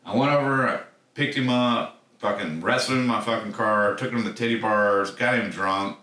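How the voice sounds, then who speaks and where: A man with a bright, forceful voice rambles through a monologue, blunt and swearing in nearly every line. He sits back from the mic in a roomy, echoing space. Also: fairly low pitch, normal speed. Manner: profane, blunt, swears constantly. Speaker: podcast host. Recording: echoey room, distant mic.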